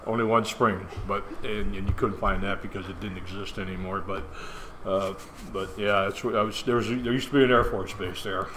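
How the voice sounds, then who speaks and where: Older man leading a relaxed Bible study. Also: on the low side, normal speed. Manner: relaxed, rambling, folksy. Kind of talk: casual group Bible study talk. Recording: noisy room recording.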